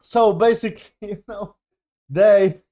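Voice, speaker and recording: A man's voice: high voice, steady tone, a little slow, warm tone. Profane, exasperated man ranting in a review. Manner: profane, exasperated, rambling with many fillers. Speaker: TV show reviewer. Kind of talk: casual review rant.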